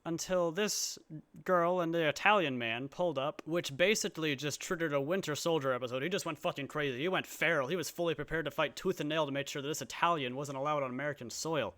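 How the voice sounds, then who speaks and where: A man's voice: on the high side, fast, a bit bright, no echo. Sarcastic man doing comedic voice-over. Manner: sarcastic, mock-grand asides. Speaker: commentary YouTuber.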